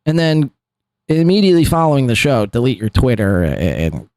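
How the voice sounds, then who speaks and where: A man's voice: mid-range voice, big pitch swings, fairly quick, darkish tone, no room sound, clean studio sound. A man hosting a live podcast, rambling through clip commentary with lots of fillers and laughs. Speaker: podcast host.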